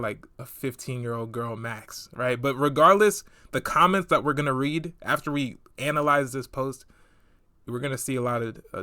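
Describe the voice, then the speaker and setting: A man's voice: mid-range voice, pushed and bright, no room sound. A young man giving casual commentary in a slangy, chatty way, often calling the listener bro. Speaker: online commentator.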